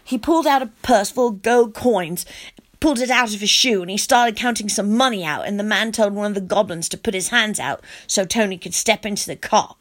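A woman reading a first-person storybook aloud as its storyteller, in an animated, childlike narrator voice. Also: mid-range voice, brisk.

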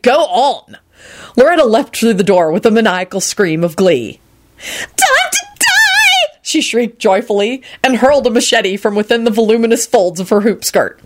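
A woman narrating a story aloud in expressive storytelling style. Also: mid-range voice. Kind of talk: audiobook reading of fan fiction.

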